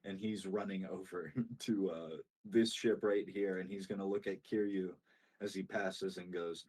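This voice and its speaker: A man's voice: low voice, fairly even intonation, measured pace, a little mellow, husky. A young man narrating a tabletop game as game master, casual and full of fillers.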